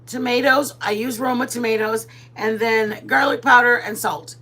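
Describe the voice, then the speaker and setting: A woman's voice: a little high, fairly even intonation, moderate pace, pushed and bright. A woman from Texas chatting casually while she cooks on a livestream, laughing often and mixing in Spanish words. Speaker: vlogger. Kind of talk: casual cooking livestream chat.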